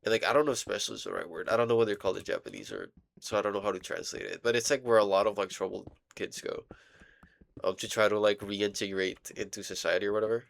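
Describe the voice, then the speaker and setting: Gravelly, low-voiced young man rambling. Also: fairly even intonation, fairly bright tone. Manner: rambling, halting, full of "like" and "um", swears casually; playing a game while talking. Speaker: vlogger. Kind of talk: casual rambling diary vlog.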